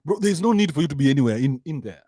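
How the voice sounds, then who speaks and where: A man's voice: on the high side, big pitch swings, very fast, dark tone, no room sound, clean studio sound. A man with a Kenyan accent giving a crude, mocking comic rant, switching between English and slang. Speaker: commentary show host. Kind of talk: rant-style comic commentary.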